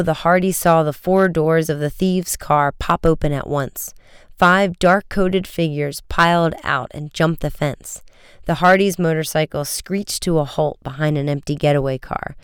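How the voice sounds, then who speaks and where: Audiobook narrator, silky-clean voice, dry booth sound, lively storytelling. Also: medium pitch, clean tone, no room sound. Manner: brisk, vivid storytelling with raised shouts for dialogue.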